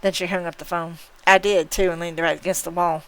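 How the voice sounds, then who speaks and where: Woman, live novel read-aloud, unhurried, occasional slips and restarts, middle pitch. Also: little pitch movement, fairly bright tone, clean tone, poor audio. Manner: unhurried reading with occasional slips and self-corrections. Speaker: streamer reading a novel.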